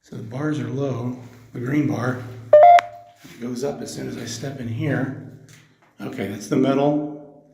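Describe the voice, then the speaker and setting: A man on a ghost-hunting session, asking spirits slow, measured questions inside an old jail. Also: mid-range voice, steady tone, gravelly, warm tone, a little hiss or hum. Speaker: paranormal investigator. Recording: echoey old jail cell.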